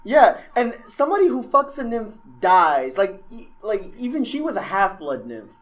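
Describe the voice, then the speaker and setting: A man on a podcast who chats casually, jokes and laughs a lot, and reacts quickly. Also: high-pitched, big pitch swings, a bit bright. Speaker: podcast co-host. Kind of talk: casual chat.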